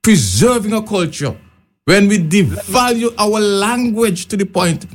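A man's voice: sits high, expressive, measured pace, soft background music. A man, a guest on a panel discussion, arguing his point insistently. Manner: insistent, argumentative.

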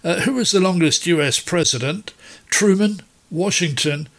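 A man's voice: sits high, normal speed, gravelly. A man hosting a radio quiz in casual, jokey chat that keeps wandering off topic.

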